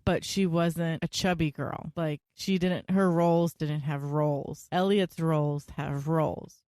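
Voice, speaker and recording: A young woman co-hosting a podcast, telling family stories in a chatty, animated way. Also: deep voice, takes it slowly, dry recording, studio quality. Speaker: podcast co-host. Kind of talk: casual chat.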